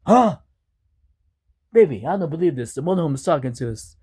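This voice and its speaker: A man's voice: fairly high pitch, sing-song, fairly quick, warm tone, husky. A man voicing a brash, mouthy young husband who blusters rudely at a machine. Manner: blustering and rude.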